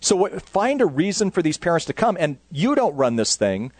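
A middle-aged man giving a conversational talk on youth ministry, full of anecdotes, quick asides and self-corrections. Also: high voice, sing-song, a little mellow, no room sound.

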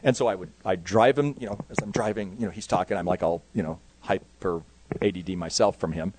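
A man's voice: low-pitched, a little fast, background noise. A man speaking casually to youth workers at a conference, rambling with lots of fillers.

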